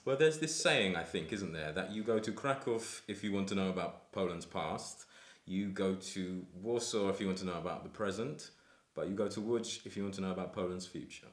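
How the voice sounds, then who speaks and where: A man speaking as an interviewee in a measured, reflective way, often adding "you know". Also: sits low, roomy sound. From United Kingdom. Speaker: interviewee, film writer. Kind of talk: casual chat.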